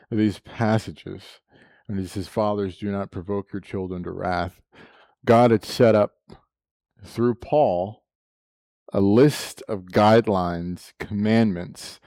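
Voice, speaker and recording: A man's voice: on the low side, takes it slowly, long pauses, warm tone, dry recording. A man preaching a sermon, telling a personal story with frequent laughs and moments of emotion.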